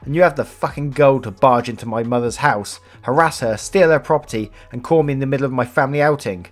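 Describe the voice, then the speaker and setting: A man voicing an enraged nineteen-year-old woman who shouts and swears at her father. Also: mid-range voice, fast talker, faint music behind, voice pushed up, natural voice. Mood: furious.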